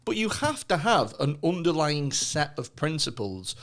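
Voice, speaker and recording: A man hosts a comedy podcast in crude, sweary banter, laughing at his own jokes. His voice sits fairly high and swoops around with lively intonation. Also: a little slow. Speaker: podcast host. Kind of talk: casual comedic chat.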